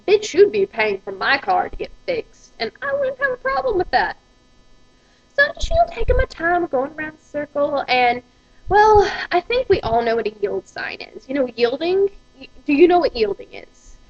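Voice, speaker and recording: A woman's voice: sits high, highs cut off. A woman, ranting profanely and with exasperation in a vlog. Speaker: vlogger.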